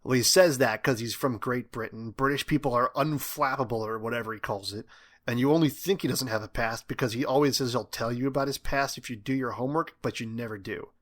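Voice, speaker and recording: A level-headed teenage boy who pokes holes in his friend's theories, as a man reads him in an audiobook. He speaks in a dry, reasoning way. The voice is bright. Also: medium pitch, fairly quick, lightly acted.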